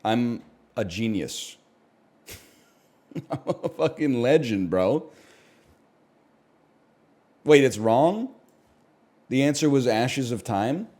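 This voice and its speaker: A man streaming a game and chatting casually, animated and joking, with frequent swearing. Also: medium pitch, drawn-out words, long pauses. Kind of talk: casual chat while gaming.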